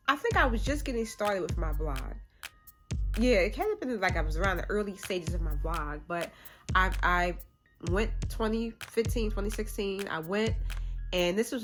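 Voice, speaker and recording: An upbeat woman fashion influencer chats through a casual Q&A vlog. Her talk is loose and friendly, full of "like" fillers. Faint music plays softly underneath her voice. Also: medium pitch. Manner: upbeat and chatty, lots of "like" fillers. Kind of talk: casual Q&A chat.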